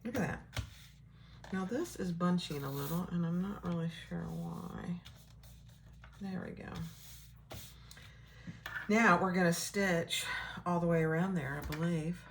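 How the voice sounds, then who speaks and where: A woman giving a casual sewing tutorial, relaxed and chatty, thinking aloud as she works. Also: on the low side, a little slow, creaky, long pauses, a little hiss or hum. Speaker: sewing instructor.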